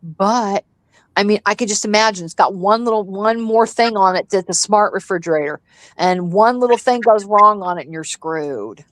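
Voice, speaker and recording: A blunt, middle-aged woman hosts a casual chat and rants freely, swearing as she goes. Her voice sits at an ordinary pitch, and the recording is dry and close with no room sound. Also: normal speed, dry recording, rough recording. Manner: blunt and profane, ranting. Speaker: host.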